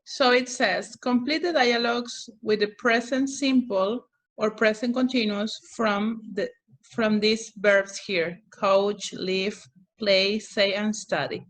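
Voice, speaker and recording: A woman's voice: mid-range voice, fairly even intonation, takes it slowly. A woman English teacher running an online class over a video call, patiently calling on students by name.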